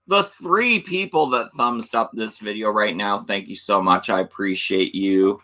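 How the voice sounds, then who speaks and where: A middle-aged man hosts a casual livestream, greeting viewers and reading their comments aloud. His voice sits low and unhurried yet carries a bright, forceful edge. He slips into playful auctioneer-style banter. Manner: reads chat aloud, mock auctioneer banter. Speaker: livestream host.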